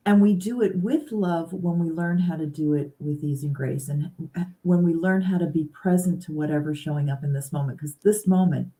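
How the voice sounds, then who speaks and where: A woman guest speaking earnestly and reflectively in a casual conversation, pausing to stress key words. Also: low-pitched, warm tone. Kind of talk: casual conversation about grief.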